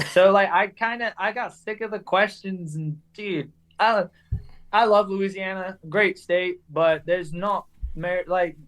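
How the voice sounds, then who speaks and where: A man's voice: high-pitched, measured pace, a bit bright. A young man from England with a mixed English and Southern American accent, chatting casually on a call and telling stories full of "dude" and "like.". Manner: chatty storyteller, says "dude" and "like" a lot. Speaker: motorcycle racer guest. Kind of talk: casual chat.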